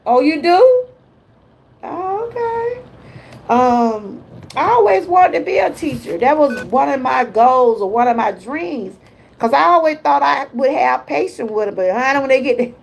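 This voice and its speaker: A woman's voice: a little high, creaky, rough recording. An older woman hosting a casual motivational livestream, chatty and folksy, talking to viewers as she reads out their comments. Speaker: lifestyle vlogger hosting a livestream.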